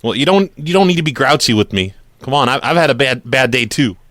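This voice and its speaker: A man's voice: medium pitch, lively intonation, fast talker, fairly bright tone, no room sound, clean studio sound, close to an everyday voice. A man putting on a stammering fake phone-company rep. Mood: defensive. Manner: bumbling, stammering, defensive.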